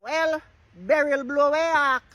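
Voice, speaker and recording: A laid-back Jamaican ark builder, as a man plays him jokes his way through trouble in a very high, bright voice. He sounds playful and sheepish. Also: fairly even intonation, unhurried, recorded from a distance, full character voice. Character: easygoing joking male ark builder.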